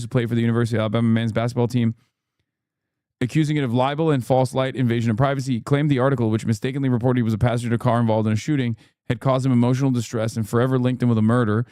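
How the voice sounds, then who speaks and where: A man in his thirties streaming live, reading news aloud fast and cutting in with exasperated, profane asides. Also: mid-range voice, warm tone, clear, resonant tone, no echo, studio quality.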